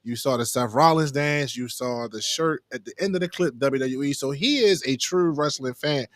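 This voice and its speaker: A man's voice: mid-range voice, normal speed, dry recording. A man from the US East Coast hosting a casual podcast chat, joking and laughing often. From Maryland, US East Coast. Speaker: podcast host.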